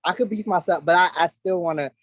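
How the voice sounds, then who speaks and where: A man co-hosting a live show, bantering in an animated, boastful, colloquial way. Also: sits high, quick pace, dry recording, rough recording. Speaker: co-host. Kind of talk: casual banter.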